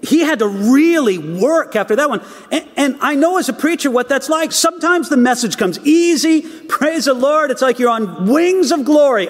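A man with a strikingly high voice delivers a sermon. He speaks emphatically, repeating words and asking his listeners rhetorical questions. His voice rings out with the long reverb of a large hall. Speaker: preacher.

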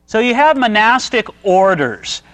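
A man with a notably high voice gives a relaxed, chatty lesson on church history. He keeps turning to his listeners with questions in a folksy, conversational way. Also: measured pace. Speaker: teacher. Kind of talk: casual church history lecture.

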